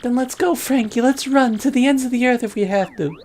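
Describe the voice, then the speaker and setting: A woman playing a lovesick young runaway, very high-pitched, gushing melodrama, video game. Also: a little fast, a little mellow, slight background noise, lightly acted. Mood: melodramatic.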